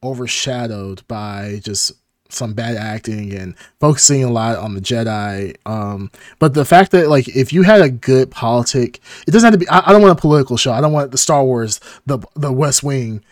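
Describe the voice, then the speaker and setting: A man's voice: mid-range voice, expressive, normal speed, dry recording, studio quality. A man co-hosting a podcast, talking hesitantly in casual chat. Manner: laughs often, hesitant. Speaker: podcast co-host.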